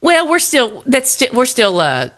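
A woman's voice: a little high, wildly swooping pitch, measured pace, fairly bright tone. A woman co-hosting a radio show, telling rambling stories in a chatty, laughing way. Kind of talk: casual radio storytelling. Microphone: studio microphone.

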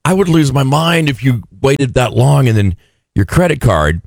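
A man co-hosting a casual chat, quick with reactions and side remarks. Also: medium pitch, big pitch swings, gravelly, darkish tone, no room sound, clean studio sound. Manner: chatty, quick reactions and asides. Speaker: co-host.

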